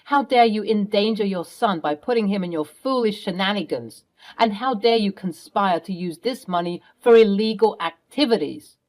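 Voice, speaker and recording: An outraged middle-aged mother, as a woman reads her part confronts the husband who wronged her family. Her voice stays stern and cutting, pitched in an ordinary middle register. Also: animated, moderate pace, darkish tone, close to an everyday voice.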